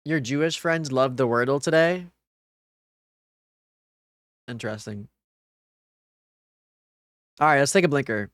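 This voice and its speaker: A man's voice: medium pitch, unhurried, pauses often, fairly bright tone, dry recording, studio quality. A young man streaming, chatting casually with sarcasm, frustration and swearing.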